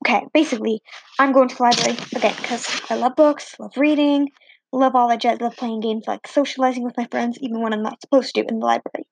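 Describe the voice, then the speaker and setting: A teenage girl telling a story in a chatty, animated way, acting out the other people's lines with different voices. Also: on the high side, fast talker, gravelly, slightly rough, no echo. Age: teens. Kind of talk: casual storytelling.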